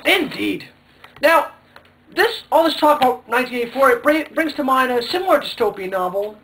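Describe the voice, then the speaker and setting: A man's voice: extremely high pitch, expressive, fairly quick, creaky, a bit bright. A young man hosting a mock talk show, hammy and sarcastic with filler hesitations. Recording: distant mic.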